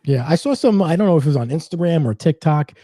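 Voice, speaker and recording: Fast-talking, dark-voiced New Jersey man. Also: fairly high pitch, animated, dry recording, clean studio sound. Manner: reads comments aloud, brief agreeing replies. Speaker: co-host reading viewer comments. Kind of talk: casual livestream chat.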